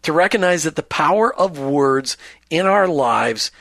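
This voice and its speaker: A man's voice: a little high, animated, a little slow, vocal fry, a bit bright, no room sound, clean studio sound. A man co-hosting a faith-based marriage talk show, speaking earnestly and reading lists with emphasis. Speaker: radio show co-host.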